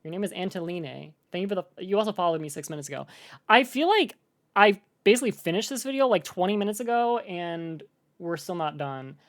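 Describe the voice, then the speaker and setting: Her pitch fairly low and her pace a little quick, a young American woman streams and reacts to a video. The talk is loose and casual, heavy on fillers, rambling, and animated with laughter.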